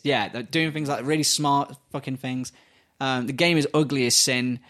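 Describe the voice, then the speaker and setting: A British man co-hosting a podcast in casual chat, swearing freely and telling animated stories with acted-out voices. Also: mid-range voice, moderate pace. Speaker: podcast co-host.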